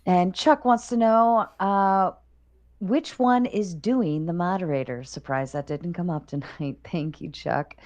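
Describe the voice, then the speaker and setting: A woman's voice: on the low side, measured pace, a little mellow. Dry, exasperated woman reading chat messages. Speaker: debater reading viewer messages. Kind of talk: livestream chat.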